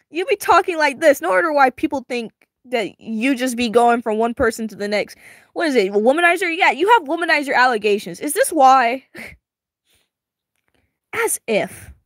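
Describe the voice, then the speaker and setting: A fairly high-voiced woman reads through a webtoon and reacts out loud, giggling and tossing slang at her viewers. Her pitch bounces all over the place, and her voice sounds a little strained and tired. The sound is dry and close, with no room echo. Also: animated, moderate pace, pauses often. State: strained, tiring voice. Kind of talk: casual reaction reading.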